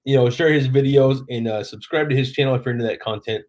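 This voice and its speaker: A man's voice: medium pitch, fast talker, darkish tone. Tipsy Oklahoma man chatting on a stream. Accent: Southern US (Oklahoma). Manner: chatty, reading viewer comments aloud. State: tipsy from drinking. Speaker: live stream host. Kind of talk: casual late-night live stream chat.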